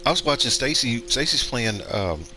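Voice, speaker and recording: Bright-voiced man musing over gameplay. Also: mid-range voice, very animated, moderate pace, faint music behind. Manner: rambling, thinks aloud with fillers and restarts. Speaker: gaming streamer. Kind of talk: casual gameplay commentary.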